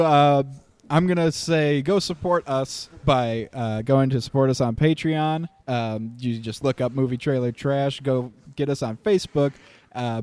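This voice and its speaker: A man's voice: mid-range voice, darkish tone, no echo. A man hosting a podcast in casual chat, joking and laughing often. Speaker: podcast host.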